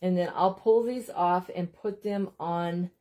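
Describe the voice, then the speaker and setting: A chatty woman hosts a craft livestream in a warm, fairly low voice at a measured pace. She keeps calling her viewers "you guys" and is self-deprecating and apologetic in this casual chat.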